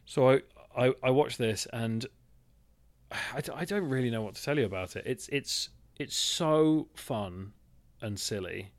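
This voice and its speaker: A man co-hosting a podcast and chatting about a film in a rambling, animated way, swearing and laughing often. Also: medium pitch, unhurried, no echo. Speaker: podcast co-host. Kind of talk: casual film chat.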